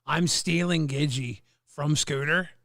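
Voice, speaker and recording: Man co-host, gravelly voice, bright tone, joking and cursing. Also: fairly high pitch, takes it slowly, no room sound, clean studio sound. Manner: rambling, joking, swearing. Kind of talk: casual livestream chat.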